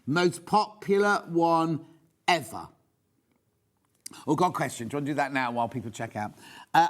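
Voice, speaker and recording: A man's voice: fairly high pitch, expressive, moderate pace, pauses often. A middle-aged man presenting a live shopping show, chatty and rambling, poking fun at himself as he reads out viewer questions. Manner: chatty, rambling, self-deprecating.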